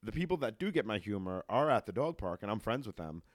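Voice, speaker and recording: A man from New York, a comedian, telling stories in casual chat, blunt and animated, laughing as he goes. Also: on the low side, fast, no echo, clean studio sound.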